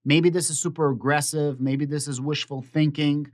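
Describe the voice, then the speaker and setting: A man's voice: a little high, steady tone, moderate pace. A man hosting his own finance channel, giving casual market commentary in an explanatory, opinionated way and often repeating that he predicted things. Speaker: stock market YouTuber.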